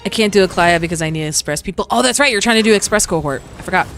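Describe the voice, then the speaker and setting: Talking at a racing speed in a medium-pitched, slightly bright voice, a virtual singer streams her gacha play. She keeps up playful, casual chat with her audience, humming and laughing as background music plays.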